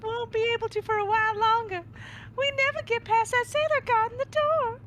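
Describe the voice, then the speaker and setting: A woman voicing a polite young female companion in a game dub, earnest and gently fretful. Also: very high voice, steady tone, a little fast, a little hiss or hum, pitched above the performer's own voice.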